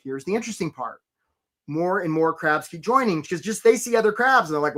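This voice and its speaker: A man coaching job seekers on a live webinar, animated and casual, often stopping to greet attendees by name. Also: sits high, a little fast. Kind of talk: energetic live webinar talk.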